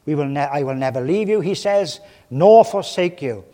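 A man's voice: on the high side, expressive, normal speed, warm tone. Male preacher, from Wales, passionate sermon delivery with big dynamic swings, recorded in a reverberant hall. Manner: impassioned, swelling and dropping in volume. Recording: long reverb of a large hall.

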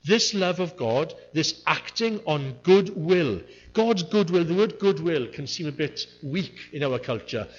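Brief: male preacher, slightly high voice, earnest and emphatic, dull lo-fi sound. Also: expressive, a little slow, hardly any pauses. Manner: earnest, repeats key words for emphasis. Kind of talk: sermon. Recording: muffled lo-fi recording.

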